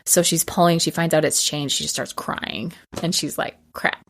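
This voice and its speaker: A woman with a low voice hosts a casual podcast and walks through a film plot. Her retelling is animated, and she slips into the characters' lines as she goes. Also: normal speed, gravelly, slight background noise. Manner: animated retelling, acting out quotes. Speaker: podcast co-host.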